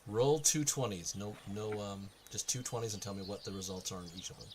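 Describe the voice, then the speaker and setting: A man's voice: fairly low pitch, fairly quick, background noise. A man running a tabletop game as game master, describing scenes and explaining rules with many fillers.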